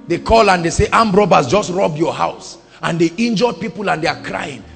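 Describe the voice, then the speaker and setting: Impassioned Nigerian preacher in an echoing hall. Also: male voice, lively intonation, normal speed, creaky. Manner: impassioned, swings from shouting to low quiet asides. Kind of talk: sermon. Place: large church hall. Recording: echoing hall with faint music.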